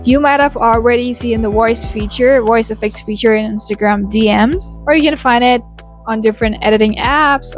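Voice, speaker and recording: Young Indian woman, chatty accent tutorial. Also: fairly high pitch. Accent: Indian English shaped toward American. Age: young adult. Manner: chatty, adds tag questions and fillers like you know. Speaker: YouTuber teaching accent. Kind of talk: casual tutorial vlog.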